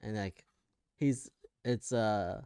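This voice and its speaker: A man's voice: on the low side, slow pace, warm tone, clear, resonant tone, no echo, clean studio sound. A man with an American accent co-hosting a casual podcast, hesitant and trailing off with fillers and small laughs. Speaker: podcast co-host. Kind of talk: casual chat.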